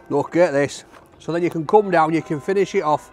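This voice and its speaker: A man's voice: high voice, brisk, faint music behind. A man reviewing a takeaway outdoors, chatting and gushing over every bite. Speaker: food reviewer. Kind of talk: casual food review to camera.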